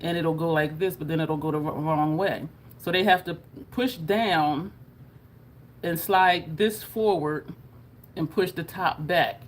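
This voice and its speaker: A woman's voice: low-pitched, unhurried, a little hiss or hum. A woman vlogging to camera in a casual, chatty way, laughing often and showing her jaw as she talks. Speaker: beauty vlogger.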